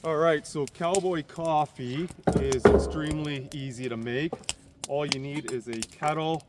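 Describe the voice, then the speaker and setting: A man's voice: on the high side, steady tone, a little slow, in a large hall, very noisy. A man vlogging a campfire breakfast outdoors, chatting casually to his viewers. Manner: chatty, addresses viewers as "you guys". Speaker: homestead vlogger.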